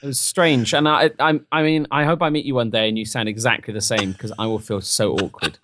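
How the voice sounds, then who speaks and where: A man's voice: medium pitch, steady tone, brisk, noisy background. An English man co-hosting a podcast, joking around in casual chat and slipping into silly voices. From England. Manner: jokey, slips into silly put-on voices. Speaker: podcast co-host.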